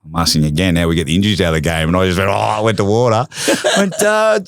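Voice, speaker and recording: As a podcast guest, an Australian man who once captained a rugby league side chats casually about his playing days in a deep, creaky voice at a very fast clip. The studio-quality recording has no room sound, and he performs quoted lines amid bursts of laughter in his animated anecdotes.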